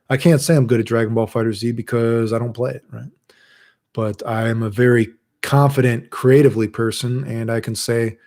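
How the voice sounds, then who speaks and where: A man's voice: medium pitch, mellow. A man hosting his channel, telling rambling, profane stories in a casual monologue and acting out what people said. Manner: profane, storytelling, acts out quotes. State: chronically ill. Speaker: channel host.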